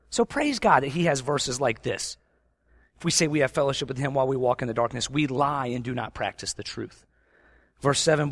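A man preaching a sermon, swinging between loud emphatic stretches and quiet, intense asides. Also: mid-range voice, no room sound, clean studio sound. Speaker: pastor.

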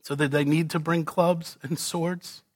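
A man preaching an expository sermon, asking rhetorical questions and swinging between loud emphasis and hushed lines. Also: on the high side, fairly even intonation, unhurried, dry recording, clean studio sound. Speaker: pastor.

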